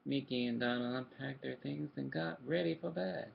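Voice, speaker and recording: A man with a deeply gravelly voice reads a children's storybook aloud at bedtime. He breaks off now and then to talk to his young listeners. The recording is muffled and lo-fi, with faint noise behind him. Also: normal speed. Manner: warm asides to young listeners.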